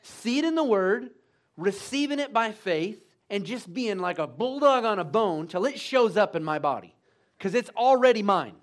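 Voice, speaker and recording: A preacher delivers an emphatic sermon in a church, urging his listeners on with repeated calls. His voice sits high for a man, and his pitch swoops up and down as he drives each point home. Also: expressive, normal speed. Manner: emphatic, call-and-response, "come on now".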